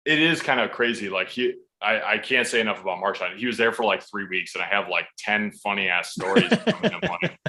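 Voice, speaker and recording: Podcast guest: man, thirties, bright forceful tone, relaxed profane storytelling. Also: fairly low pitch, brisk, hardly any pauses. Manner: laid-back, swears freely, acts out quotes. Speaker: podcast guest, football player. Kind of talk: casual storytelling.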